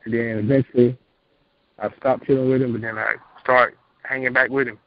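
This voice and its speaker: A man's voice: medium pitch, little pitch movement, brisk, dry recording. A young man calling in to a show, earnestly telling his story in a plain, rambling way over a phone line. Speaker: caller. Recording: muffled phone-line audio.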